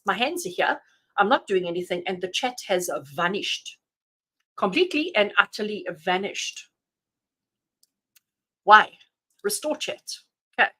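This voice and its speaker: A woman giving tarot readings on a live stream, chatty and animated, addressing viewers by name and laughing often. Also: medium pitch, a little slow, pauses often, poor audio. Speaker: tarot reader.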